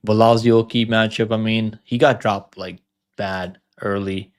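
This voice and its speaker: A young man hosting a livestream, casually talking through fight picks, cursing often and second-guessing himself out loud. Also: lowish voice, fairly even intonation, unhurried. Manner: rambling, profane, second-guesses himself aloud. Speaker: MMA livestream host.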